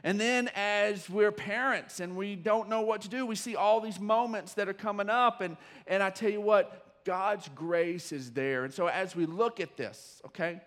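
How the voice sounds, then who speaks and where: Middle-aged male pastor, high voice, folksy animated sermon delivery with sudden whoops. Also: normal speed, hardly any pauses. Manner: animated storytelling, bursts of whooping and shouting when excited; folksy, many fillers and restarts.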